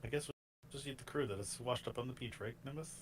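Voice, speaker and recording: A man's voice: medium pitch, fast, a little hiss or hum. A man playing a tabletop game, chatty and joking. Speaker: player. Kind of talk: casual tabletop play.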